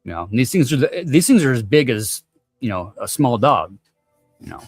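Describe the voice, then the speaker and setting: A man's voice: medium pitch, very animated, normal speed, breathy edge, no echo, soft background music. A man telling a long story in casual chat, laid-back and slangy, swearing freely.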